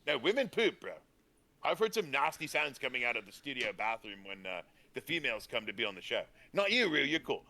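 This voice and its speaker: A man's voice: medium pitch, sing-song, brisk, bright, forceful tone. A man co-hosting a role-played talk show in laid-back slang, ending lines with man or bro.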